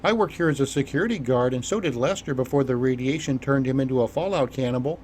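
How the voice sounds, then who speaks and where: A man's voice: mid-range voice, quick pace, darkish tone, a little hiss or hum, close to an everyday voice. A man voicing a frightened, scruffy lone male survivor who stammers nervously. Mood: eager.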